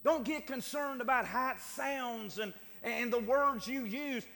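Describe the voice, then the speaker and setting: A man preaching a sermon with fervor, often repeating words and restarting phrases, and building to shouted cries. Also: very high-pitched, a little slow. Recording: long hall reverb.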